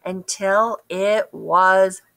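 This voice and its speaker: A woman reading a children's picture book aloud, expressive and asking the listeners questions. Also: medium pitch, drawn-out words. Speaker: storybook reader. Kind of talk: children's story read-aloud.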